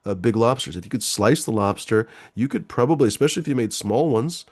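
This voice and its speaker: A man's voice: mid-range voice, expressive, quick pace, a little mellow. A man hosting a casual late-night stream chat, rambling with many fillers and restarts. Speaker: livestream host.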